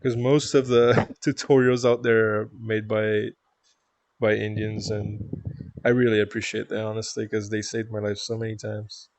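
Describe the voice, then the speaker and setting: A man streaming, chatting with viewers in a calm, easygoing, chill way from a home setup. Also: on the low side, moderate pace, no echo. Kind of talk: casual chat with viewers.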